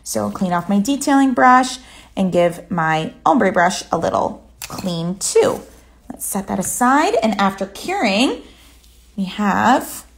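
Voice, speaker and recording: A woman giving a relaxed, chatty step-by-step nail art tutorial. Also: medium pitch, vocal fry. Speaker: nail artist.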